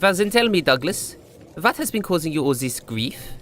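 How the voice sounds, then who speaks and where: A man's voice: a little high, sing-song, moderate pace, a bit bright, a little hiss or hum, voice pushed up. A man voicing a sly, scheming older bartender with a delicate, odd way of speaking in a storybook reading. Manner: delicate, odd-sounding, ends in a whisper.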